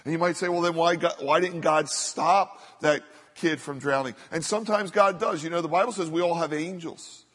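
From the pulpit, an earnest male pastor with a fairly high, slightly breathy voice preaches a sermon that reverberates at length through a large hall. He often slows and softens, repeating short phrases to give them weight.

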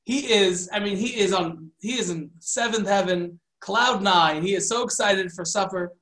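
A man telling a folk tale in a halting way, with many fillers and restarts and Yiddish and Hebrew words mixed in. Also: high voice, fairly bright tone. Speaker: storyteller. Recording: roomy echo.

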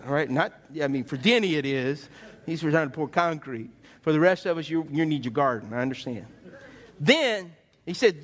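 A man preaching a sermon as pastor, animated and conversational, asking his listeners questions. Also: a little high, moderate pace.

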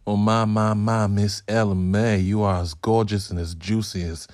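A man doing a syrupy Southern gentleman. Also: lowish voice, steady tone, moderate pace, no room sound, studio quality, natural voice. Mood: flirtatious. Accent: put-on American Southern.

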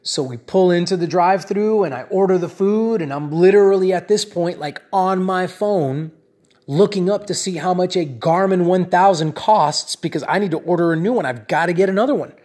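A man with a somewhat high voice tells his audience a personal story that builds to a lesson. He talks in an animated, rambling way, repeats himself and keeps checking in with "right?" and "you know?". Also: moderate pace. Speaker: speaker addressing his audience.

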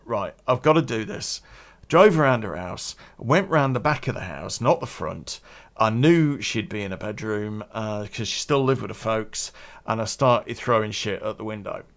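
A man's voice: lowish voice, moderate pace, a bit bright. A man telling a story from his past in a casual, rambling way, with restarts and swearing.

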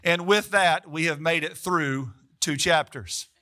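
A man preaches in a chatty, storytelling way, turning to the audience with quick asides. His voice is high and very bright, with a keen ring to it. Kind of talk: sermon.

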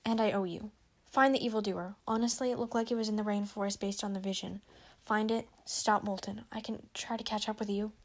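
A woman's voice: mid-range voice, fairly even intonation, brisk, natural voice. A woman voicing a grateful, formal male dragon assassin in a storybook reading. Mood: earnest.

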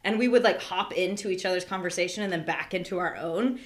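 Woman, podcast co-host, casual chat, fairly low pitch, chatty, rambling. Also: fast. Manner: chatty, lots of "like" fillers.

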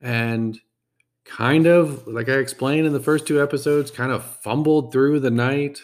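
A man hosting a podcast, telling a personal story in a reflective, halting way and often repeating words. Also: medium pitch, steady tone.

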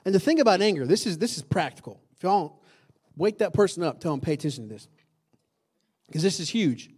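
Preaching to a congregation, a male pastor keeps things conversational, questioning the room and repeating important lines for emphasis. His voice is high, slightly mellow and a bit rough, and he's very animated and brisk.

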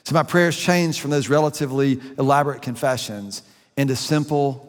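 A middle-aged man preaching a sermon as a pastor, earnest and conversational, slowing down and speeding up for emphasis. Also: medium pitch, in a large hall. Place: church sanctuary.

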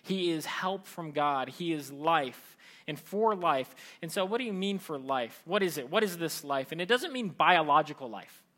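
A man preaching a sermon in a conversational, animated way, acting out the voices he quotes. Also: on the high side, moderate pace, hardly any pauses. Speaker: pastor.

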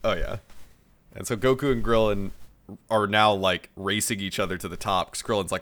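A man chats through an anime episode recap in a relaxed podcast conversation. His voice is bright and forceful, sitting a little low. He laughs easily, swears freely and slips into quick impressions of the characters. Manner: laughs often, swears, acts out characters' lines. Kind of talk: casual chat.

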